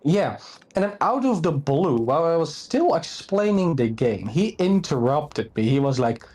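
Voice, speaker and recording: A man's voice: on the high side, big pitch swings, moderate pace, a little mellow, slightly rough. A man from the Netherlands with a Dutch accent, telling a rambling anecdote on a live stream in casual chat.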